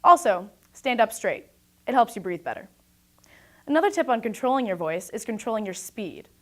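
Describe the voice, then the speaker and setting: A young woman giving a scripted talk about presentation skills, speaking in a clear, projected and deliberate way. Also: a little high, expressive, fairly bright tone.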